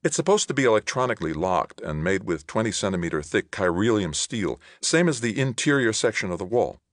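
A man's voice: on the low side, sing-song, fairly quick, dry recording, clean studio sound, pitched above the performer's own voice. A man putting on a lighter-voiced eager young woman. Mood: explaining. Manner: raised, lighter voice. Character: young woman informant, eager and matter-of-fact.

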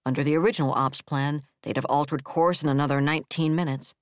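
An audiobook narrator reading military science fiction in a steady, even storytelling manner. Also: medium pitch, fast, no room sound, clean studio sound.

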